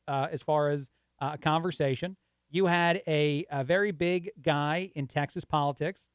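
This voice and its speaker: A man's voice: a little high, clear, resonant tone, no room sound, clean studio sound. A man guest-hosting talk radio, casual and rambling, laughing easily.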